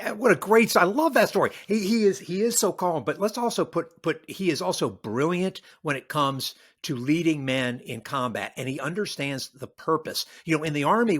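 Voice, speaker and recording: This older man from the American South speaks in a slightly raised register and tells history with animated energy. He acts out quoted voices and often restarts his sentences. He sounds like a retired army general being interviewed on a podcast. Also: a little high, slightly rough.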